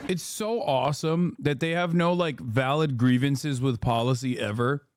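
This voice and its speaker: A man's voice: medium pitch, normal speed, slight background noise. A man streaming live, reacting to clips with profane, sarcastic ranting commentary. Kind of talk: casual livestream commentary.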